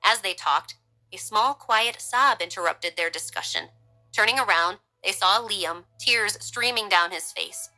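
Bright female storyteller, even and clear, over soft music. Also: medium pitch, rough recording. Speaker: narrator. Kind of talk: scripted story narration.

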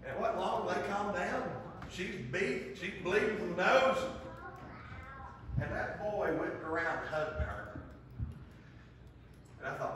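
A man preaching a sermon, telling a story with passion and dropping to a hushed voice. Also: sits high, measured pace, long pauses, background noise. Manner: impassioned storytelling, swings from loud to hushed. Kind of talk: sermon with altar call. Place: church sanctuary. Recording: echoey church hall, distant mic.

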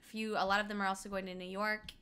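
A woman's voice: medium pitch, level tone, fast, bright, forceful tone, clean tone. A young woman from Colorado in her twenties, chatting casually with her stream while gaming, laughing often and answering chat. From Colorado, United States.

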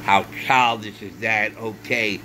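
A man's voice: fairly low pitch, steady tone, sharp tone, a little hiss or hum, poor audio. A man vlogging in an indignant, repetitive monologue that keeps circling back to the same points. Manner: indignant, repetitive, drawn-out phrasing. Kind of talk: ranting monologue.

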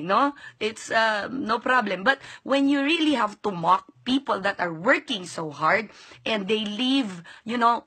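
A woman's voice: mid-range voice, pushed and bright, husky. A Filipino-accented woman vlogger ranting straight to camera, indignant and sarcastic. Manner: indignant, sarcastic, switching between English and Tagalog. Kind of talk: angry direct-to-camera rant.

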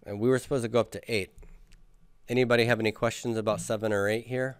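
A man's voice: medium pitch, little pitch movement, quick pace, clean tone, no room sound. A man teaching a class, patiently drilling students and having them repeat after him. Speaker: Hebrew grammar teacher. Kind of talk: classroom lecture with questions.

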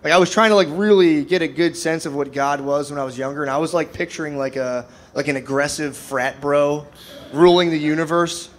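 A man's voice: on the high side, fairly even intonation, brisk. A man, telling stand-up stories in a laid-back way, full of "dude" and "man", acting out the people in them. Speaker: stand-up comedian. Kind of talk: stand-up storytelling. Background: audience laughter.

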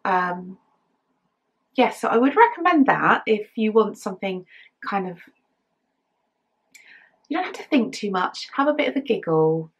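A woman's voice: medium pitch, big pitch swings, unhurried, pauses often, slightly rough. A middle-aged English woman hosting a knitting podcast, chatting in a rambling, casual way, her voice tired today. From England. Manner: chatty, rambling, with fillers and giggles. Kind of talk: casual chat.

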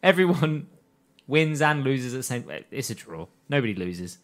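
A man's voice: mid-range voice, big pitch swings, moderate pace. A man on a casual podcast, summarizing an anime plot, laughing and swearing with friends. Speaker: podcast host. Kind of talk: casual recap chat.

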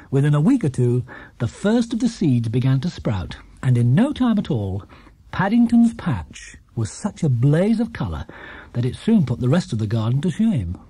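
A man reading a children's book aloud as narrator, telling the story in a lively way. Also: mid-range voice, slightly rough, dry recording. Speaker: audiobook narrator.

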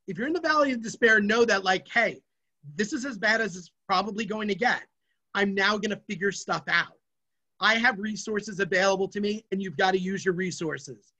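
An energetic, emphatic presenter leading a motivational workshop for students over an online video session. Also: medium pitch, brisk, highs cut off.

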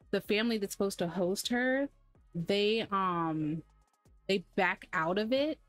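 A woman's voice: mid-range voice, no echo. A woman hosting a gaming channel, giving chatty, sarcastic, easily exasperated commentary while she plays. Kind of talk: casual gameplay commentary.

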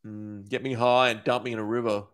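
A man's voice: lowish voice, flat delivery, brisk, fairly bright tone, clean tone, lightly acted. A man voicing a drugged, desperate young woman held captive, lifting his voice a little for her. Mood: fearful.

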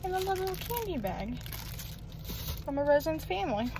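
A young adult woman chats casually in her daily vlog, filming herself first from her car and then at home. Her high-pitched voice is very animated at normal speed, and she sounds out of breath, giggly, and rambling with lots of fillers over a noisy background.

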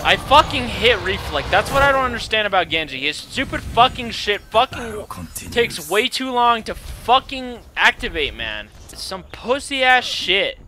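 A young man shouting, swearing and raging over an online match while commenting on his gameplay, his voice cracking from yelling. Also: sits high, sing-song, unhurried, over music. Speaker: gaming YouTuber. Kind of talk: angry live gameplay commentary.

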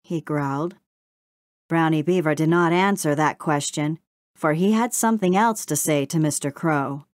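Brief: woman audiobook narrator, lower pitch, dry close sound. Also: moderate pace, dry recording. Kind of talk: scripted storybook narration.

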